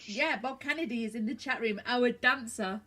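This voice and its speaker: A woman's voice: fairly high pitch, moderate pace, crowd noise. Teasing British woman co-host. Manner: teasing and playful. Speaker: radio co-host. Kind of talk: casual radio chat.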